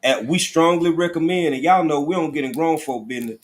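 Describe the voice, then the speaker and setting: A man's voice: fairly high pitch, fairly quick. A man from Texas with a Texan accent, co-hosting a casual live stream in a folksy, laid-back way.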